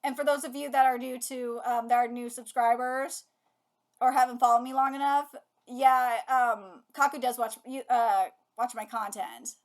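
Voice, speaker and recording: A woman hosting a live manga reaction, excitable and gushing, with frequent swearing. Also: fairly high pitch, moderate pace. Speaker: channel host.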